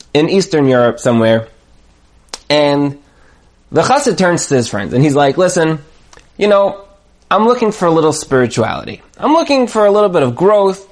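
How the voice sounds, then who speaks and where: A man telling a story in a lively, casual way, acting out the voices of the people in it. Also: on the high side. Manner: lively, acts out dialogue voices. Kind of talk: animated storytelling.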